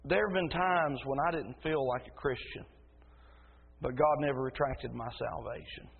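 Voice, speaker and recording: A man preaching a sermon as pastor in a church, emphatic and rising into a loud preaching cadence. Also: mid-range voice, normal speed, creaky, slightly rough. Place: church sanctuary. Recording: tinny phone-like sound in a reverberant hall.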